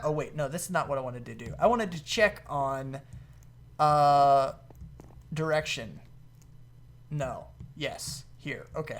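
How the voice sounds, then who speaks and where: A man giving casual commentary over his modded gameplay, excitable, laughing often and jumping to high-pitched exclamations. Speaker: gaming video host.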